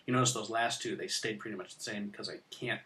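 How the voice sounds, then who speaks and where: Bright-voiced man teaching poetry. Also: fairly low pitch, fairly even intonation, fast talker, slight background noise. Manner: casual, joking, stresses words while reading lines aloud. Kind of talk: recorded lecture.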